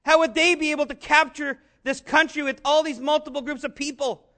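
A man preaching a sermon, earnest and conversational, rising to shouts on key lines. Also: very high-pitched, fairly even intonation, a little fast. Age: adult, father of young children. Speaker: pastor.

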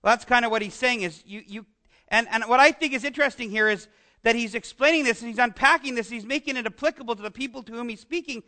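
A Canadian man preaching in a loose, conversational way, his voice sitting very high for a man and sounding bright and forceful. He jokes with his listeners, backs up and restarts his sentences, and wanders into friendly asides. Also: fast. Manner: chatty, joking with the congregation, many restarts and asides. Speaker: pastor. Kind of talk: conversational sermon.

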